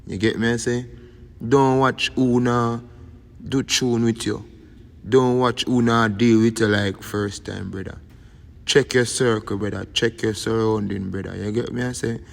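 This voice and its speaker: A man's voice: medium pitch, steady tone, unhurried, gravelly. A man with a Jamaican accent giving rambling casual commentary as a YouTube host, tagging lines with "you see me". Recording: long reverb, faint background noise.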